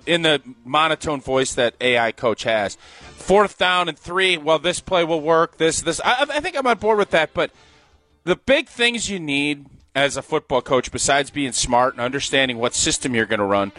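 Ex-player guy on sports radio, bright highish voice, laughs a lot, opinionated. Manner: opinionated, laughs often, animated. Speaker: radio co-host and former football player. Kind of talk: casual sports talk.

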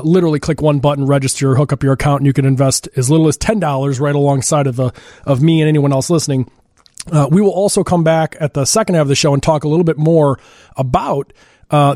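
A man's voice: fairly high pitch, darkish tone, no room sound. A man hosting a radio show, talking in a loose, joking way with plenty of fillers, into a studio microphone. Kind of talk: casual radio talk.

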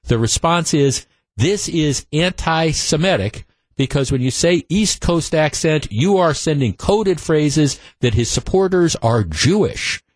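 A man's voice: a little high, animated, a little slow, few pauses, dry recording. A man hosting a political talk radio show, opinionated and emphatic, often repeating himself as he builds his case. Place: radio studio.

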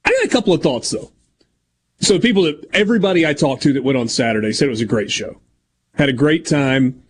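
Upbeat sports radio host, higher voice. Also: male voice, lively intonation, fairly quick. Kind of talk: radio talk show hosting with ad reads. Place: radio studio.

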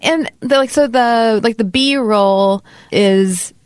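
A woman's voice: on the high side, slow pace, a little mellow, clean tone, no echo, clean studio sound. A woman from West Texas co-hosting a podcast, chatting casually about a movie, with plenty of fillers and laughs. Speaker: podcast co-host. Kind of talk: casual chat reviewing a movie.

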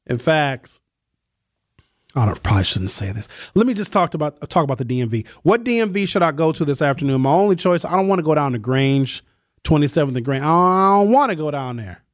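A man's voice: on the high side, lively intonation, fairly quick, no echo, clean studio sound. A man hosting a call-in talk show in a chatty, joking way. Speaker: radio talk show host. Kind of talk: casual call-in show chat.

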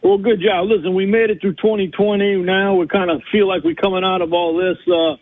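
A man's voice: sits high, little pitch movement, fairly quick, no echo. A man calling in to a radio talk show, complaining in a heated, rambling way. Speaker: caller. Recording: tinny phone line.

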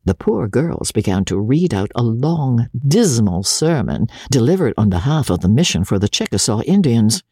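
Gravelly man reading a classic novel aloud. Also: mid-range voice, sing-song, moderate pace, hardly any pauses, dark tone, no room sound, clean studio sound. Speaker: reader.

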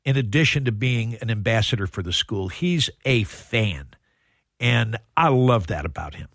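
Excited, stumbling sports radio guest, man. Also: on the low side, normal speed, gravelly, dry recording, clean studio sound. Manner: animated storyteller, stumbling restarts. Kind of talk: casual sports radio chat.

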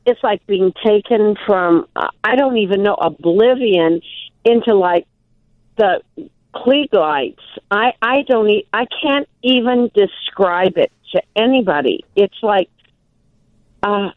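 An older woman from Milwaukee, telling animated, self-deprecating stories as an interview guest. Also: medium pitch, slow pace, no room sound. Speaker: guest, actress and author. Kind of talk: casual interview storytelling. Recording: tinny phone line, dry.

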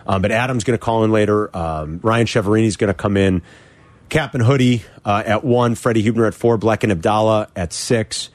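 An animated man hosting a sports radio show, trading stories in casual chat. His voice leaps up when he quotes people. The sound is dry and close. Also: fairly quick, dry recording. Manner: animated storyteller who jumps to a high voice for quoted lines. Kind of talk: casual chat, sharing memories.

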